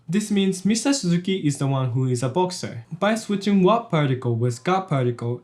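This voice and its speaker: Man, language teacher, fairly high, lively intonation, step-by-step explaining. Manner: explains step by step, repeats each example sentence twice. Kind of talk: explanatory video lesson.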